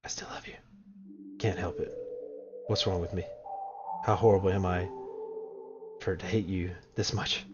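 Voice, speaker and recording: A man voicing a distraught young female game character, reading her dialogue aloud in a raised falsetto over dull lo-fi stream audio. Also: steady tone, moderate pace, pauses often, music in the background, lightly acted. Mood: remorseful.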